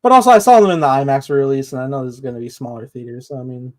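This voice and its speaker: A man's voice: medium pitch, very animated, rapid-fire, darkish tone. A man co-hosting a casual fan podcast, tossing in joking, dry asides and casual swearing. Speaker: podcast co-host.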